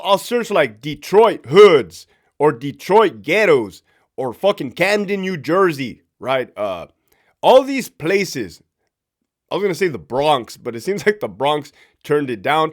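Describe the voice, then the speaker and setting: A man, a former prison officer, chatting casually and profanely, often laughing as he tells stories. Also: fairly high pitch. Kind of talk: casual storytelling chat.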